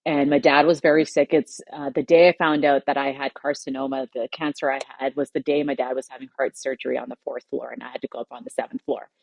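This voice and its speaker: Low-voiced woman sharing a heartfelt story. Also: level tone, creaky, darkish tone, dry recording. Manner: heartfelt, pauses and chokes up while recounting. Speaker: podcast guest. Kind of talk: emotional personal storytelling.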